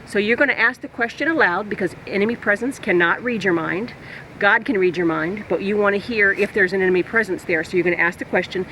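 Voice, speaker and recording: Female Christian teacher for an instructional video: methodical, pauses to check in with listeners, mid pitch, light background noise. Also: sharp tone, rough recording. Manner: step-by-step, checks in with "okay?". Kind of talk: instructional teaching talk with scripture reading.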